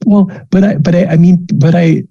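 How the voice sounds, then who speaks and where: A man's voice: sits high, moderate pace, gravelly, mellow, breathy edge, no echo, pitched above the performer's own voice, full character voice. A man voicing a doting, emotional middle-aged mother who stammers and clings. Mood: flustered. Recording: muffled lo-fi home recording.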